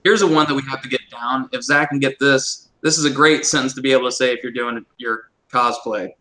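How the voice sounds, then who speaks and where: A man's voice: mid-range voice, steady tone, brisk, pushed and bright. A man chatting casually as a podcast guest, laughing often and trying out accents. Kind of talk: casual chat.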